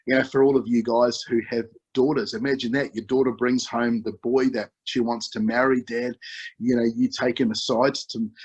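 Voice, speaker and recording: A man with a New Zealand accent gives a relaxed, conversational sermon. His voice is husky and mid-pitched, and he leans on story and filler words as he talks. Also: dull audio. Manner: chatty, story-led, full of 'you know' fillers. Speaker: preacher.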